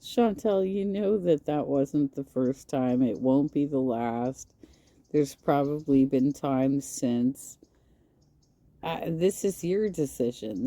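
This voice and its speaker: A woman comments calmly on clips in a low, very dark voice, taking her time over each point. The sound is dry and close, with no room around it. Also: no room sound. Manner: calm, measured, lecturing. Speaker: commentary host.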